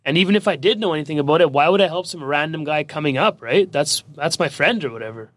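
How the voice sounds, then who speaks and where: A man's voice: fairly high pitch, lively intonation, fast talker, fairly bright tone. A man in a casual chat who talks bluntly, swears and fires rhetorical questions.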